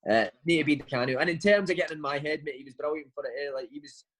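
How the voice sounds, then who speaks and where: A man's voice: on the high side, very fast, a bit bright, low-quality recording. A man, a footballer, chatting casually in an interview and telling long anecdotes, forever saying "mate". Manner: chatty storytelling, says "mate" constantly. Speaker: footballer guest.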